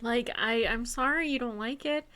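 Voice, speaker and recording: Young woman, bright clear voice, slightly high, emotional livestream chat, nervous, tearful, gushing. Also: moderate pace. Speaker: self-published author streaming live. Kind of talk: emotional casual livestream talk.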